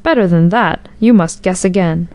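A woman's voice: on the low side, moderate pace, dark tone, no room sound, lightly acted. A woman voicing a chatty young male soldier who boasts and then grows frightened, in a storybook reading. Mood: boastful.

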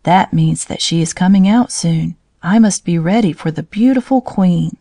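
A woman's voice: on the low side, moderate pace, dark tone, dry recording, studio quality. A woman reading a storybook aloud, voicing a proud, self-important male drone bee who means to be king. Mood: boastful.

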